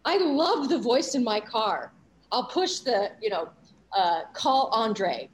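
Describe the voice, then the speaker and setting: A woman of sixty from Los Angeles, a guest voice actor talking about her career in an animated, enthusiastic way with frequent fillers. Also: on the high side, unhurried, slight background noise. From Los Angeles, USA. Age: 60s. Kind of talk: casual interview chat.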